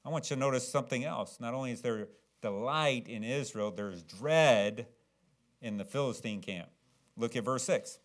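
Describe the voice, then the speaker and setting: A man preaching a sermon, swinging from low, earnest tones to loud, dramatic, acted-out shouts. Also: moderate pace.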